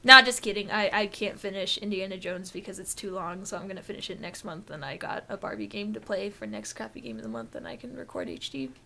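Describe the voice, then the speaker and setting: A woman's voice: medium pitch, fast talker, vocal fry, hardly any pauses, sharp tone. A young woman co-hosting a gaming podcast, rambling and joking in a goofy, self-mocking way. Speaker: podcast co-host. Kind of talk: casual chat.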